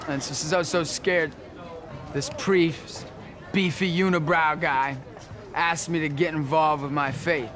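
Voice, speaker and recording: A man's voice: on the high side, fairly even intonation, a little slow, crowd noise. A man who works as a street minister tells his own story, bluntly and ramblingly, repeating himself as he goes. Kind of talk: personal testimony interview.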